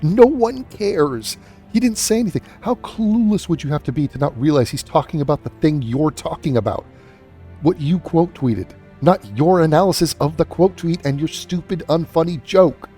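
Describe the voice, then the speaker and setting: A man's voice: on the high side, moderate pace, dark tone, breathy edge, soft background music. A man giving profane reaction commentary in a sarcastic, scornful tone. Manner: sarcastic, scornful, swears a lot. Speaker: commentary YouTuber.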